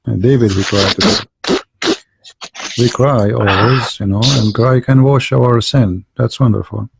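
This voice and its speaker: A man's voice: mid-range voice, steady tone, a little slow, gravelly, breathy edge. A man hosting a casual online debate call, hesitant and repeating words, turning confrontational about his opponents.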